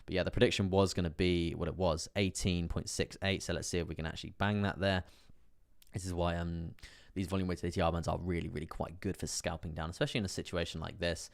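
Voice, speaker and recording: A man's voice: deep voice, flat delivery, quick pace, vocal fry. A young man chatting casually on a live stream, commenting on trades with lots of fillers and asides to viewers. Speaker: crypto trading streamer.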